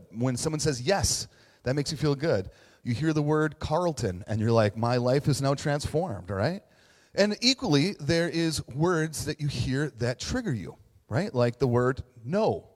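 A middle-aged man leads a conversational sermon, easygoing and self-mocking, tossing in fillers and "right?" as he goes. His voice sits at an ordinary pitch and trails off into the long reverb of a church hall. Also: a little mellow. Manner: chatty, self-deprecating, frequent fillers and "right?". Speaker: pastor.

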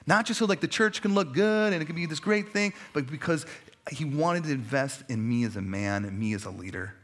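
A man's voice: a little high, a little fast. A man pastor preaching a sermon in a conversational way, stacking repeated phrases for emphasis and dropping in casual asides.

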